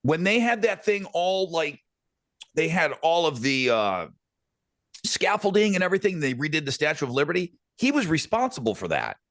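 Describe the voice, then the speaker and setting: Animated middle-aged man telling stories. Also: fairly high pitch, normal speed, no room sound, clean studio sound. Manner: rambling, animated anecdotes with many fillers. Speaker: podcast host. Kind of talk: casual storytelling chat.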